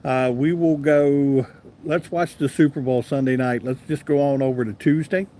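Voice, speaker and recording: A man's voice: mid-range voice, steady tone, normal speed, dark tone, a little hiss or hum. Easygoing Southern man hosting a live chat. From American South. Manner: easygoing, chatty, talks to viewers by name. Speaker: live-stream host. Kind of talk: casual live chat reading comments.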